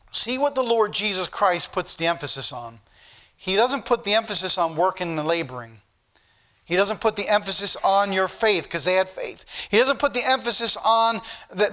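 High, bright-voiced fervent male preacher. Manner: earnest, rising to fervent questions; old-fashioned scripture phrasing. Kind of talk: Sunday school sermon.

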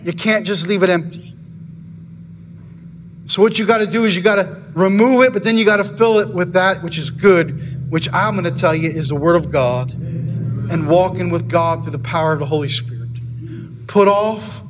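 A man's voice: high voice, normal speed, noisy background. A man preaching a sermon in a church in an earnest, repetitive way, then leading a prayer that keeps calling on the Lord. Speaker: pastor.

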